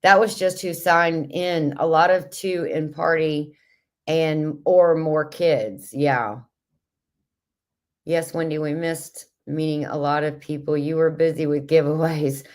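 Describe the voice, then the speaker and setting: A woman's voice: deep voice, fairly even intonation, slow. A woman hosting a casual livestream chat from home, reading out viewer comments and gushing over vintage jars. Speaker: livestream host.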